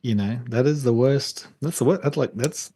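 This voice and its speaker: A man's voice: mid-range voice, moderate pace, slightly rough, no echo. Easygoing man, dry close mic. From Australia. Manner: relaxed, hesitant with many fillers, laughs easily. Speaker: podcast co-host. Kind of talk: casual chat.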